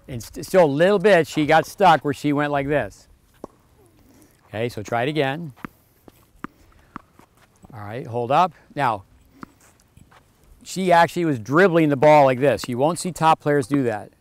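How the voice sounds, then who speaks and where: A man's voice: fairly high pitch, animated, measured pace, pauses often, slight background noise. A man giving a tennis lesson on court, instructing a player with short commands and counting out the serve rhythm. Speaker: tennis coach.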